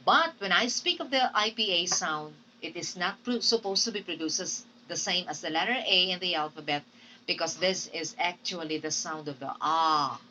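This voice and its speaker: Woman, Filipino accent, pronunciation teacher, bright tone, slightly low pitch, patient repetition. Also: moderate pace, recorded from a distance, a little hiss or hum, low-quality recording. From Philippines. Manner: patient, drills words and repeats them. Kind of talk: classroom lecture.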